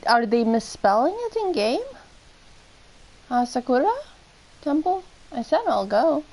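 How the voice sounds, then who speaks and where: A woman's voice: sits high, big pitch swings, a little slow, long pauses, dark tone, soft background music, low-quality recording. A woman streaming a game, chatting and musing aloud in casual commentary. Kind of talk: casual let's-play commentary.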